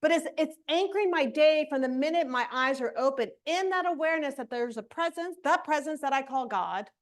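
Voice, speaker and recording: A woman's voice: sits high, expressive, brisk. A woman minister giving a spiritual lesson in a conversational way, often checking in with "right?" and laughing easily.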